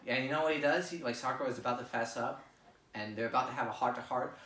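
A man's voice: mid-range voice, fast. A young man giving a crude, slangy, rambling story recap to friends, acting out the characters' lines. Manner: crude slangy storytelling, animated quoted voices. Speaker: presenter of a fan lecture. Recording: echoey room, voice from a distance.

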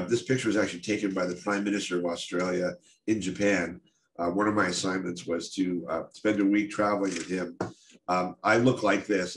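A middle-aged American man, a photographer telling stories from his career in a candid, self-deprecating way with many fillers. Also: low-pitched. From United States. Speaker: photographer giving a talk. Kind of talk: storytelling talk. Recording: echoey room with faint noise.

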